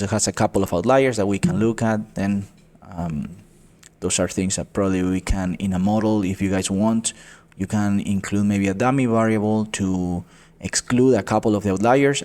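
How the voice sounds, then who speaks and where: A man teaching a coding tutorial, explaining step by step, often calling viewers "guys" and pausing with fillers. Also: on the low side, a little mellow. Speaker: economics tutor. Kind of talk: screen-recorded coding tutorial.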